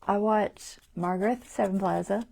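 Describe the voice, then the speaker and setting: A woman hosting a crafting livestream, chatting as she works, thinking aloud, often trailing off softly and laughing at herself. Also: mid-range voice, normal speed, gravelly. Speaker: craft channel host. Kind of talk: casual crafting livestream chat.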